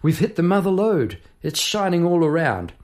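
A man's voice: fairly high pitch, sing-song, moderate pace, pitched above the performer's own voice. A man putting on an eager American miner calling to his boss. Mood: excited. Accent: American, put on. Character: gruff male American gold miner, excited.

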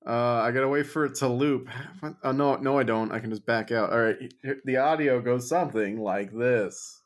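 A man's voice: medium pitch, normal speed. A man co-hosting a podcast in casual chat, rambling and self-deprecating. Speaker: podcast co-host.

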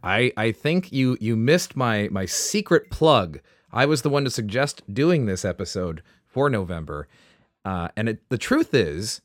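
A man's voice: lowish voice, no room sound. A man co-hosting a history podcast, speaking with dry humor and playful formal phrasing. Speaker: podcast co-host. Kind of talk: casual podcast chat.

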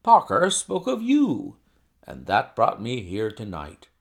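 A man voicing a brisk, sharp-spoken, bearded financial agent who flatters loudly in a story reading. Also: on the low side, creaky, exaggerated voice. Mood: boastful.

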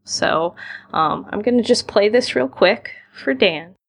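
A woman co-hosting a game podcast in casual chat, playful and quick to laugh. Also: mid-range voice, animated, gravelly. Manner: giggly, playful. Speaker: podcast co-host.

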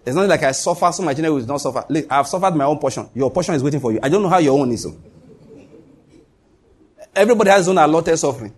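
A man's voice: a little high, lively intonation, racing, breathy edge. A man preaching a sermon as pastor, emphatic, repeating his points and swinging his voice up and down.

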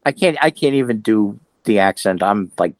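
A man co-hosting a podcast in casual chat, talking in halting, restarting sentences. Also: lowish voice, lively intonation, no room sound, low-quality recording. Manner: hesitant, restarts and trailing thoughts. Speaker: podcast co-host.

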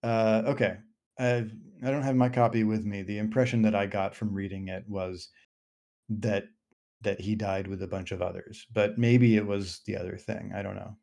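A man co-hosting a book club podcast, talking casually and haltingly with many fillers and restarts. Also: lowish voice, fairly even intonation, vocal fry, mellow.

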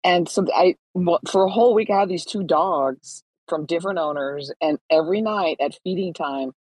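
A friendly participant in an online group chat who greets everyone and slips into a light anecdote with giggles. The voice has a slightly husky grain and sounds dry and close to the mic. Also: medium pitch, normal speed, a little mellow, no echo, low-quality recording. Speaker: participant in a community talk show. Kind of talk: casual storytelling in a group chat.

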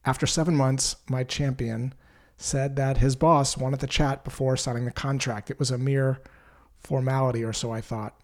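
A man, a sales trainer, telling a story as a scripted lesson in a measured, explanatory way. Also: mid-range voice, steady tone.

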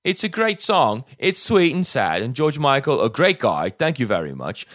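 In an indignant mood, a man voices a brash young woman commenting online, reading her angry comment in a put-on Cockney accent. His mid-range voice is pitched above his natural one, swings widely in pitch, and sounds fairly bright at a moderate pace. The clean studio recording has no room sound.

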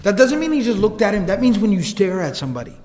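A male lecturer telling a religious history story in an animated way, mixing in Arabic quotes. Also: high voice, quick pace, long reverb tail.

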